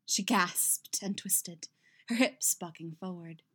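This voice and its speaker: A woman narrating a story in an unhurried, even reading voice. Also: lowish voice, breathy edge. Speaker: audiobook reader. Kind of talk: fan fiction narration.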